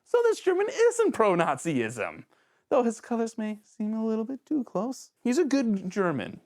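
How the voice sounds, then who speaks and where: A man hosting a casual video review show, talking in an animated, jokey way that rambles and interrupts itself, with sudden jumps in pitch. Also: moderate pace. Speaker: host of a villain-ranking show.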